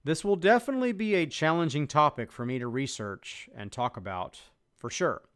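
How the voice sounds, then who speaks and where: A man hosting his own channel, reading a scripted introduction in an earnest, measured way. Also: on the high side, lively intonation, a bit bright, clean tone. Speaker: YouTube channel host.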